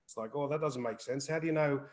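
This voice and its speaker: A man's voice: mid-range voice, fast talker, low-quality recording. A man co-hosting a live wellbeing Q&A, talking earnestly in a rambling way, repeating words and swearing casually. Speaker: wellbeing co-host. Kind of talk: live Q&A chat.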